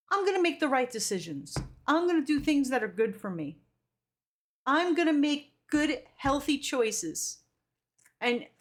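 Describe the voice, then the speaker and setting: In a high voice, a woman streamer chats casually on a live stream, reading viewer comments aloud and speaking animatedly, swearing now and then.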